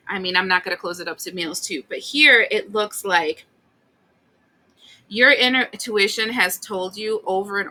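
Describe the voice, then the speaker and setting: Bright, animated woman reading tarot. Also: mid-range voice. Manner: blunt, animated, swears, acts out the listener's complaints. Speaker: tarot reader.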